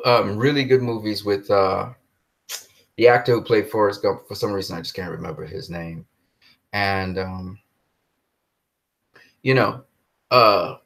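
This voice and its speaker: A man talks straight to the camera in a loose, unscripted monologue. His bright voice swings widely up and down as he jokes and builds over-the-top rants, tipping easily into laughter. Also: on the low side. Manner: animated and jokey, often breaking into laughter; exaggerated comic rants. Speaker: movie commentary vlogger. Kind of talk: casual solo monologue.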